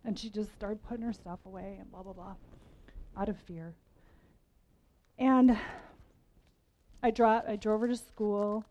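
A woman's voice: medium pitch, steady tone, measured pace, long pauses, mellow, rough recording. A woman in her forties giving a conversational sermon to a women's gathering, candid and self-mocking, laughing between lines. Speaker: women's event speaker.

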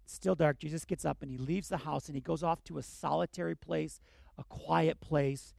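Gravelly-voiced man preaching a sermon. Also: on the high side, steady tone, normal speed, dry recording. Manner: earnest, emphatic preaching that swings between loud and hushed. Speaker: pastor.

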